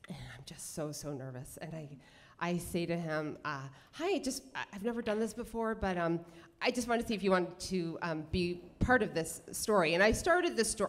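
A woman telling a funny personal story live on stage, chatty and animated, with many fillers and self-corrections. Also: mid-range voice. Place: cultural center stage before an audience.

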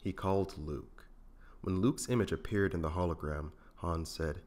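Low-voiced guy narrating a fan audiobook, steady and measured.

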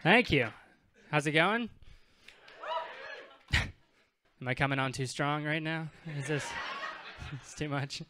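A man's voice: fairly high pitch, slow pace, pauses often, pushed and bright, slight background noise. A man in his twenties performing stand-up at a comedy club, conversational and self-deprecating, acting out bits of dialogue. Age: 20s.

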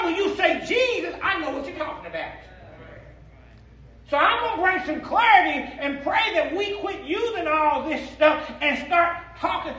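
Recorded from a distance, this sermon comes from a male pastor with a Black speech pattern whose high voice climbs into shouts as he preaches call-and-response style. He sits well back from the microphone, and every line echoes through the church sanctuary.

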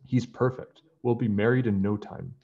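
A man's voice: fairly low pitch, moderate pace, gravelly, muffled recording. A man voicing a haughty, spoiled young princess in a storybook reading. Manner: snooty and sharp.

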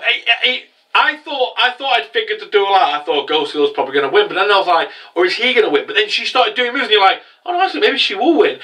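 A man talks through an anime episode in a loose, excitable ramble, tossing in mocking little impressions. His voice is very bright and sharp, sitting a touch high. He sounds set back a little from the microphone. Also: recorded from a distance, rough recording. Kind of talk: casual spoken recap.

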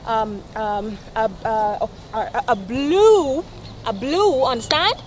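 A woman acting in a student skit, exclaiming and repeating directions slowly. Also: a little high. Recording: noisy recording.

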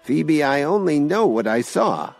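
A man voicing an enraged middle-aged father who shouts and accuses. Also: fairly high pitch, sing-song, a little slow, gravelly, soft background music, pitched above the performer's own voice, exaggerated voice. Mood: doubtful.

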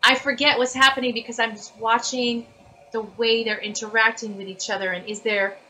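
A woman voice actress chatting casually as an interview guest, animated and full of fillers and restarts. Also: on the high side, fairly quick, low-quality recording.

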